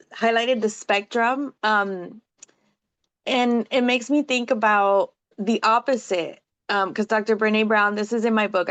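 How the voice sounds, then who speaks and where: A woman's voice: mid-range voice, fairly bright tone. A woman hosting a podcast interview, affirming her guest and asking long, reflective questions in a casual way. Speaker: podcast host and author. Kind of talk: conversational interview.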